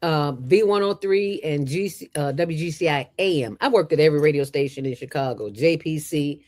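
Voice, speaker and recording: A middle-aged woman, a former radio host and founder, talking as an interview guest in an animated, emphatic and playful way. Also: low voice. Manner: fast talker from years on radio. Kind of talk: casual interview chat.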